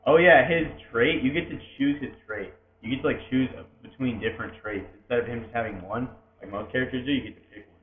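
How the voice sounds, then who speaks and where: A man's voice: medium pitch, fast, few pauses. Laid-back young man, tinny echoey sound. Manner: laid-back, explaining game details. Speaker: podcast co-host. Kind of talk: casual gaming chat. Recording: tinny echoey lo-fi room with faint noise.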